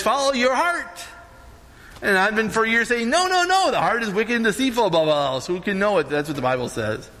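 A man's voice: sits high, a bit bright, in a large hall. A man preaching a casual sermon as pastor, talking conversationally and often checking in with "right?".

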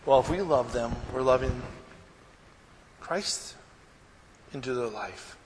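A man preaching a sermon as pastor, animated and often checking in with his congregation. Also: medium pitch, slow pace, big-room sound, noisy background.

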